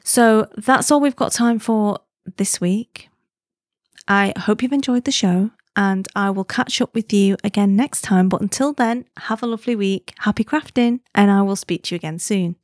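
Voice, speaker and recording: A woman hosting a podcast, chatting casually and telling stories in an animated way. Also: medium pitch, moderate pace, no echo, studio quality. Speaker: podcast host.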